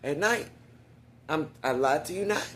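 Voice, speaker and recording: A man's voice: a little high, animated, measured pace, fairly bright tone, slight background noise. A man in a casual vlog monologue, chatting directly to viewers with frequent whispered asides and getting short of breath when he talks for long.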